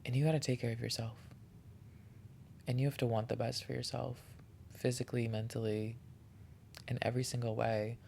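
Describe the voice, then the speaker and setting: A man's voice: medium pitch, flat delivery, a little fast, creaky, pauses often, darkish tone, slight background noise. A man hosting a solo podcast, talking in an earnest, heartfelt and encouraging way, often restarting his sentences. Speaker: podcast host. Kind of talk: reflective solo podcast monologue.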